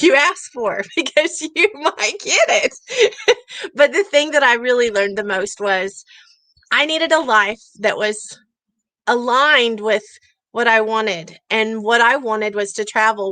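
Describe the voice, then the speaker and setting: A woman's voice: a little high, bright, forceful tone, no echo, low-quality recording. A middle-aged woman telling her story with earnest emphasis, speaking outdoors from a campground porch. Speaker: summit speaker. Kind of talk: passionate personal storytelling talk.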